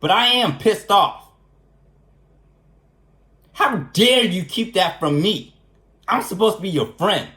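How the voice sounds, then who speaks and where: Animated, indignant man in an echoey room. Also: sits high, slow, pauses often. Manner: animated and indignant, repeats phrases for emphasis. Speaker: vlogger. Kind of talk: casual storytelling rant.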